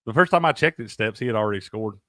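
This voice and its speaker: A man with a lowish voice talks fast as co-host of a casual sports betting show, swearing freely and laughing often in an animated way. The recording is clean studio sound with no room ambience.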